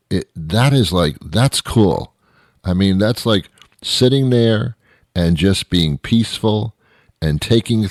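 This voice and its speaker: A middle-aged man delivering a rambling comic monologue, full of restarts and deadpan asides. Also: deep voice, no room sound, clean studio sound. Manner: meandering, self-interrupting, deadpan asides. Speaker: comedian host.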